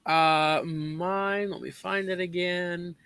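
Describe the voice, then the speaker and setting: A man playing in an online tabletop game, bantering in a relaxed, joking way. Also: sits high, takes it slowly, creaky. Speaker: player. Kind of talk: casual play at a tabletop game.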